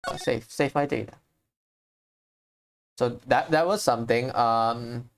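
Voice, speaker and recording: A woman's voice: very deep voice, slow pace, creaky, a little hiss or hum. A woman streaming a game, chatting casually and hesitantly as she thinks aloud. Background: loud game music.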